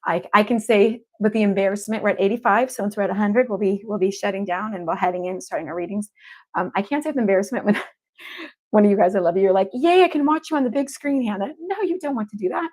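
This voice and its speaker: A woman's voice: mid-range voice, fast talker, darkish tone. Effusive woman hosting a livestream. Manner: effusive and upbeat, repeats affection to the audience. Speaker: evidential medium hosting a livestream. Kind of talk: casual livestream chat to viewers.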